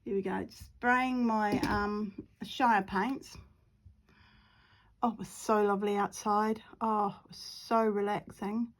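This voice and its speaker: A woman's voice: mid-range voice, steady tone, takes it slowly. A middle-aged woman with a New Zealand accent talks her way through a watercolor painting. She rambles from one topic to the next with giggly asides. Some of it is muttered half under her breath. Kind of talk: casual chat while painting.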